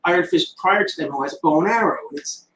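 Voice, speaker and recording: Fast-talking, excited man, heard from afar. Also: on the high side. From New York. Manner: enthusiastic, quick, excited retelling. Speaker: co-writer and guest. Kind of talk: casual interview chat. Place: comic book shop signing event. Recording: distant roomy mic, faint noise.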